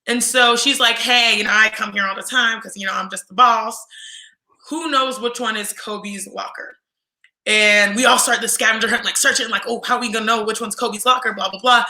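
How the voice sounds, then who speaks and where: Bright-voiced young woman telling stories. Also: a little high, moderate pace, reverberant, poor audio. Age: 20s. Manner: lively storyteller who acts out other people's voices. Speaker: guest. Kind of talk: casual storytelling.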